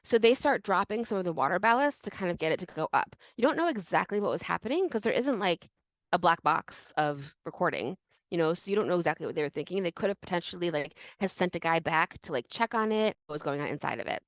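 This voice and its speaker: A woman's voice: lowish voice, expressive, fast talker, no room sound, rough recording. A woman co-hosting a history podcast, telling a story in a loose, chatty way with lots of "like" and restarts. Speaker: podcast co-host. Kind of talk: casual history chat.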